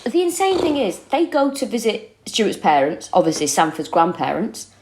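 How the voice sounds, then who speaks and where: A woman's voice: medium pitch, sing-song, normal speed, darkish tone. A woman co-hosting a true-crime comedy podcast, retelling a case casually and expressively, with frequent exclamations.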